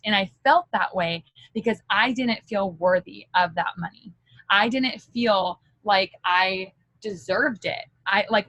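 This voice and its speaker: A woman's voice: mid-range voice, fairly bright tone, slightly rough, no echo, low-quality recording. A woman giving a candid motivational talk as a direct-sales team leader, chatty and full of fillers.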